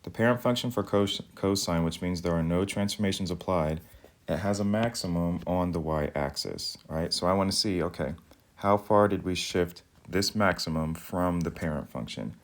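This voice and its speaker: A math teacher walking through a recorded video lesson. He speaks in a very low voice, calm and methodical, counting things out one step at a time. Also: normal speed.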